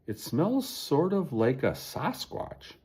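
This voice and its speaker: Young sasquatch boy, man voicing, timid, earnest, a bit raised, husky. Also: on the high side, big pitch swings, slow pace, darkish tone, pitched above the performer's own voice, full character voice. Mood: curious.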